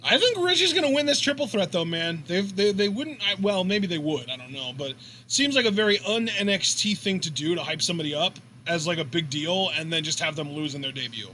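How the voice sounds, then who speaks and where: A man co-hosting a live wrestling reaction stream, animated and jokey, calling the moves as they happen. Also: fairly quick, slight background noise. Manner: animated, jokey, jumps up in pitch at big moves. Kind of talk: excited live commentary and banter.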